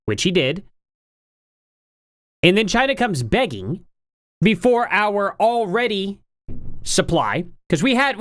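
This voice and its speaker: A woman streamer with a lowish voice reacts to a debate clip with casual, sarcastic commentary packed with rhetorical questions. There's no echo on the recording.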